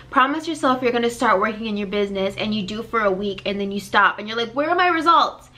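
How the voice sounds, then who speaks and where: A slightly high, bright, forceful voice belongs to a woman hosting her own life-coaching channel. Speaking directly to the camera, she gives an energetic, repetitive, blunt tough-love talk.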